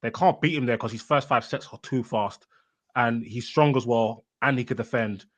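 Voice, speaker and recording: A man co-hosting a casual podcast, giving animated football analysis. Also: medium pitch, moderate pace. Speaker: podcast co-host. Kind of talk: casual chat.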